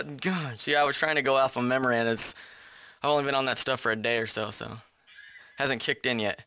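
Man voice actor, bright and lively, dry close studio sound, jokey between takes. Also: mid-range voice, fairly quick, clean tone, no room sound. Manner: jokey, self-mocking, breaks into mock cowboy talk. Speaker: voice actor recording game lines.

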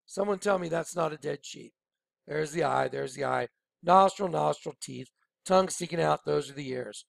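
A man's voice: fairly high pitch, moderate pace, creaky, no room sound, clean studio sound. A man talking casually and emphatically over on-screen images, rambling and repeating his points. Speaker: online video presenter.

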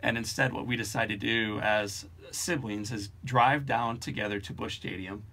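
A man hosts a podcast interview. His voice sits a little low and has a bright, forceful edge. He speaks in a warm, emphatic way. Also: steady tone, normal speed, gravelly. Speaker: podcast host. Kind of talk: interview conversation.

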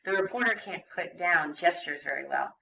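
A woman reading the part of a patient male prosecutor asking measured questions. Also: on the low side, expressive, creaky, sharp tone, highs cut off, full character voice.

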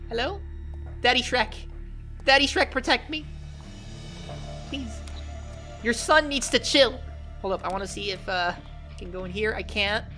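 A young man commenting on a horror game, joking and shouting at the scares. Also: sits high. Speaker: gaming commentator.

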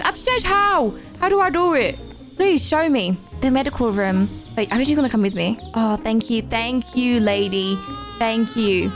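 Young woman, high voice, flustered gaming commentary, music behind. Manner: flustered, rapid, swoops up high when panicking, mock-crying. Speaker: gaming YouTuber. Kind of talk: let's-play commentary. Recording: game music playing behind.

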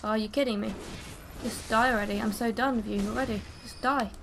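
A woman's voice: a little high, steady tone, fairly quick, vocal fry, background noise. A young woman giving gameplay commentary as she plays, swearing and bursting out in frustration. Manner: swearing, frustrated outbursts and screams. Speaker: gaming video creator.

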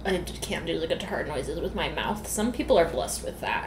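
Lowish-voiced young woman cracking profane jokes. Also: sing-song, brisk, hardly any pauses. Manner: loose, profane, laughs often. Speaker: podcast co-host. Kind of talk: casual banter. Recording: echoey room, noisy background.

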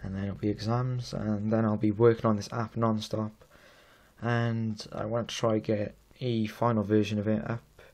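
A man's voice: on the low side, little pitch movement, moderate pace, darkish tone. A young man in his late teens with a Welsh accent, casually demoing an app he built at home, rambling and self-deprecating. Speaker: app developer giving a demo. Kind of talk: casual demo talk.

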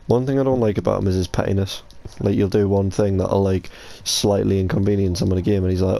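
Young British gamer, low gravelly voice, sweary banter, rambling delivery. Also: male voice, fairly even intonation, fast talker, warm tone. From United Kingdom. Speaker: streamer playing with friends. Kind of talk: casual gaming chat.

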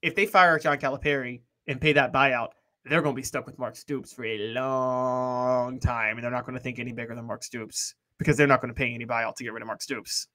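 A man's voice: medium pitch, steady tone, fairly quick, hardly any pauses, sharp tone. Emphatic young man arguing sports. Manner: emphatic, argumentative. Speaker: sports talk show co-host. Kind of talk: casual sports talk.

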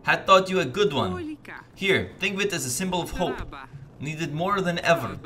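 A man voicing a young resistance woman, secretive, halting broken English, bright, lively pitch. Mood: conspiratorial.

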